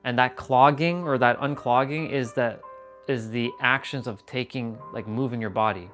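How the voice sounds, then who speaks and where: A man hosting a fitness livestream, talking in a casual, animated, rambling way and swearing freely. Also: mid-range voice, moderate pace, over music. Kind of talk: casual motivational livestream talk.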